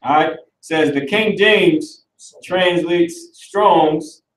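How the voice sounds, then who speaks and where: Animated male teacher, echoey and distant. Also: fairly high pitch, drawn-out words. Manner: animated, talkative, works through the screen aloud. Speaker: Hebrew class teacher. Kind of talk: casual online class lecture. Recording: roomy recording from far off the mic.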